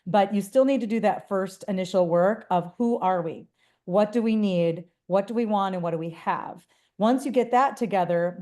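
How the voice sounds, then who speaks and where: A woman's voice: on the low side, warm tone. A woman consultant answering webinar questions in a conversational, upbeat way with frequent restarts over a video call.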